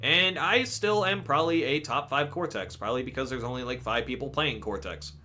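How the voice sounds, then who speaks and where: This young man's mid-range voice moves a little fast, with a bit of hiss or hum on the audio. He's a gaming creator chatting casually about games in a vlog, profane, animated, and prone to stumbling restarts.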